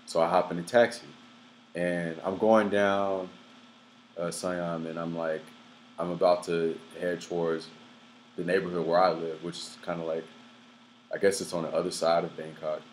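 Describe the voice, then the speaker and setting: Young man, deep voice, casual profane storytelling, filler words, faint background hiss. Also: moderate pace, low-quality recording. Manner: loose, profane, filler-heavy, with animated outbursts. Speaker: vlogger.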